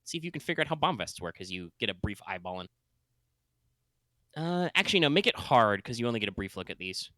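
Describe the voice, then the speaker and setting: A man running a tabletop game as game master, talking in an animated, casual way. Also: mid-range voice, fast, no room sound.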